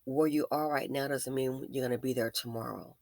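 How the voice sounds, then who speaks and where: A woman's voice: very deep voice, steady tone, fairly quick, darkish tone, no echo, studio quality. A woman giving commentary and advice straight to her viewers, emphatic and preachy. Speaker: vlogger, business owner.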